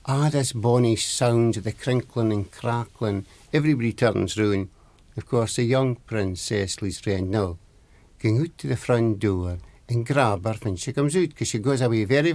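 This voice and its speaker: A man's voice: medium pitch, dry recording. A man with an Aberdeen Scottish accent telling a traditional folk tale, lilting and repeating words for emphasis. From Scotland. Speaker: storyteller.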